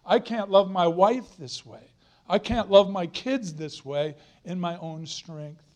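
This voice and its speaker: Male guest preacher, middle-aged, fairly high voice, earnest emphatic sermon delivery with repeated lines. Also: slow pace, darkish tone.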